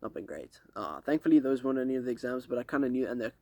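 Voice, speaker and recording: A man's voice: mid-range voice, expressive, racing, warm tone, dry recording. Rambling young man vlogging outdoors. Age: young adult. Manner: rambling, slangy, swears casually. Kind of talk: casual vlog update. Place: outdoors on a lake dock at night. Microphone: camera set up a few steps away.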